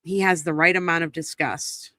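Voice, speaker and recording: A woman hosting a recap show, speaking in blunt, indignant casual commentary and swearing freely. Her voice is bright and sharp. The recording is close and dry, with no room sound. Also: deep voice, fairly even intonation, normal speed, no room sound. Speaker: trial recap host.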